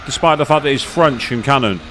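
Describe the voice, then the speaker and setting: This gaming streamer speaks briskly in a medium-pitched, somewhat bright voice, with a little background noise. Playing a racing game live, he offers rambling, chatty, self-deprecating commentary and conversation.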